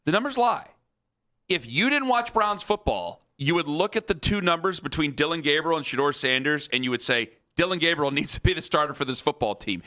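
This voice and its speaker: Man, sports radio host, bright forceful voice, heated repetitive rant, higher pitch. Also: animated, fairly quick.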